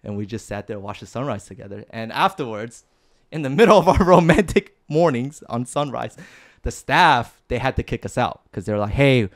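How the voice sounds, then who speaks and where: A young man telling a dating story in a casual podcast chat, emphatic and animated, often laughing and checking in with "okay?" and "right?". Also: mid-range voice, a little fast. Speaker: podcast guest.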